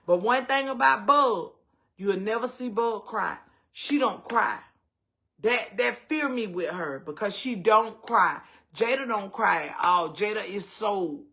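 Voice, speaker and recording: A middle-aged woman with a Southern US accent hosts a casual storytelling chat, her mid-range voice pushed and bright. She talks bluntly and profanely and acts out the voices of the people she quotes.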